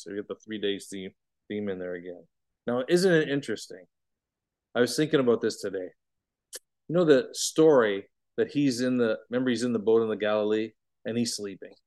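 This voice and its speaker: A man leads a bible study in a lively teaching voice of middling pitch. He stresses key words, rising loud and then dropping to hushed asides. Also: moderate pace. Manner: animated, emphatic, swings between loud and hushed.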